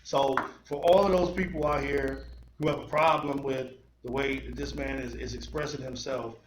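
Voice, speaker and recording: A man's voice: mid-range voice, steady tone, moderate pace, slight background noise. A man hosting a podcast in casual chat, earnest and emphatic, building his argument point by point. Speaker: podcast host. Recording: echoey room.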